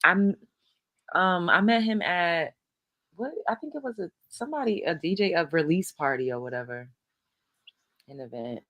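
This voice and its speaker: Woman talking low and easy late at night, casual candid chat. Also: animated, normal speed, pauses often, a bit bright, lo-fi sound. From New York. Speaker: host.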